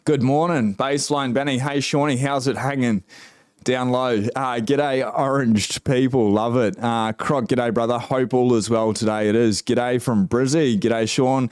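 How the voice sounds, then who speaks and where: Laid-back Australian man, smooth dry voice. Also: medium pitch, fairly even intonation, measured pace, darkish tone, dry recording. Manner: laid-back, drawling, slangy, with many fillers. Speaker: livestream host. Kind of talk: casual livestream chat reading comments.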